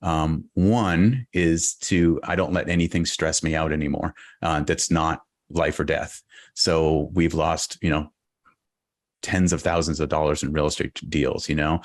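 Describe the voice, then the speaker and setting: A man's voice: very deep voice, fairly even intonation, no echo, studio quality. A man from Boston, a podcast guest, telling a personal story in an earnest, reflective way. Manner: earnest, reflective, halting restarts.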